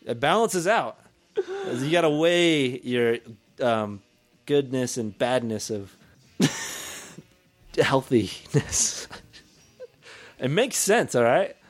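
Young male co-host, goofy riffer, lively up-and-down delivery. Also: medium pitch, drawn-out words, pauses often, soft background music. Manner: goofy, riffing, slips into silly voices. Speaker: podcast co-host. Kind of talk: casual chat.

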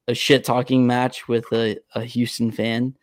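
A young man, co-hosting a casual sports podcast, telling stories with animated, profane energy. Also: mid-range voice, unhurried, no room sound. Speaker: podcast co-host.

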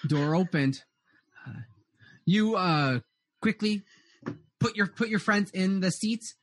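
A man's voice: high-pitched, lively intonation, takes it slowly, dry recording. A man narrating as game master in a rambling way, full of "uh"s and restarts.

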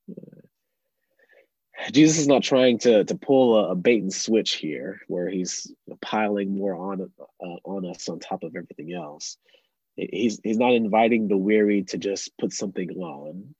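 A young man preaches a sermon with an earnest delivery, and his voice is husky and somewhat low. He sinks into hushed tones to drive points home. The recording is dull and lo-fi with a dry, close sound. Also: a little slow, no echo. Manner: earnest, drops to soft tones for emphasis. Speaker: pastor.

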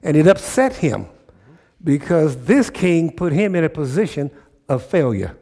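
A man's voice: on the high side, big pitch swings, unhurried, warm tone. A pastor preaching a sermon, emphatic, repeating phrases and checking in with his listeners.

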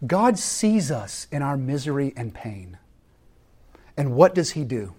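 A man preaching a sermon, animated and dynamic, swinging from loud emphatic lines to hushed, intense ones. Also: medium pitch, measured pace, breathy edge. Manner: animated, shouting voices for crowds, then dropping to quiet intensity. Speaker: pastor.

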